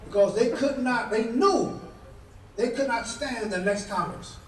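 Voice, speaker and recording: A man with an unusually high voice delivers a fiery political speech, hammering his points through repeated rhetorical questions in a preacher-like rhythm. He sounds distant from the mic, his voice ringing around an echoey banquet hall. Faint background sound is heard beneath him. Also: unhurried, slight background noise. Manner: emphatic, repetitive rhetorical questions, preacher-like cadence. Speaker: guest speaker at a political dinner.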